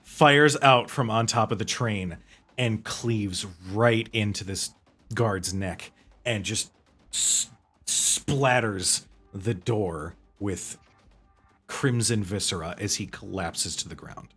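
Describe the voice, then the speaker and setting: A man narrating as game master of a tabletop game, with lively, vivid descriptions. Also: lowish voice, takes it slowly, husky, faint music behind.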